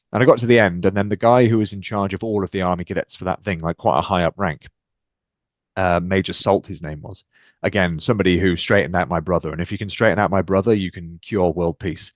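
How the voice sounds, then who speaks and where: A man's voice: low voice, quick pace, no echo. A British man in his thirties, a podcast guest, telling personal stories energetically and acting out what people said. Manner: energetic, acts out quoted exchanges with lively shifts. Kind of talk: animated storytelling in conversation. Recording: dull, muffled dry podcast audio.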